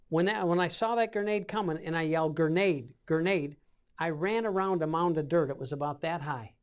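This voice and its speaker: A man in his seventies, a war veteran, recounting combat memories in an oral-history interview, acting out scenes with sound effects. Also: on the high side. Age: 70s.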